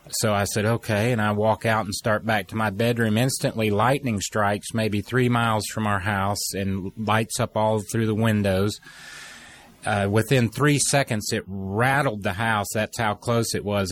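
A middle-aged man telling an earnest personal story, with halting restarts and pauses. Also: on the low side. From United States. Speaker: speaker telling a personal testimony.

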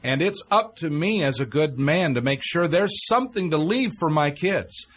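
Husky Texan man, earnest and measured. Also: fairly high pitch, lively intonation, fairly bright tone. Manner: earnest, measured, repeats phrases. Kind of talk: reflective talk-show chat.

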